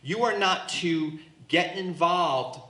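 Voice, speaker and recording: Animated pastor teaching in an echoey room. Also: male voice, sits high, slow pace. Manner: animated, acts out voices, jokes with the group. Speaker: pastor leading Bible study. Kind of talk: Bible study teaching. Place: church hall with a small group.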